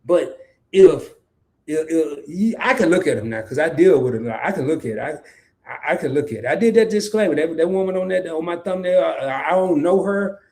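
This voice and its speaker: A man's voice: on the high side, animated, brisk, darkish tone. A man, hosting a casual livestream, reading comments aloud, laughing often and repeating lines for emphasis. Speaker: host of a live talk stream.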